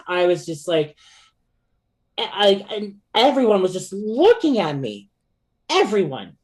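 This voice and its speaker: A man who is a podcast guest, telling a personal story in casual chat, animated and often laughing, with many fillers and restarts. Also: sits high.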